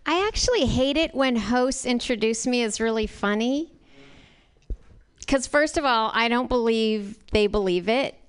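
A woman in her forties doing a dry, awkward, deadpan open mic stand-up set. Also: a little high, unhurried, clean tone. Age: 40s. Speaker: stand-up comedian.

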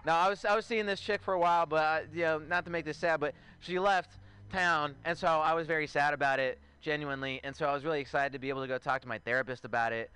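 A man's voice: a little high, fairly even intonation, quick pace, bright, forceful tone, smooth. A man in his twenties performing a stand-up comedy set, chatty and self-mocking, riffing with asides to the crowd. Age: 20s. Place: outdoor show.

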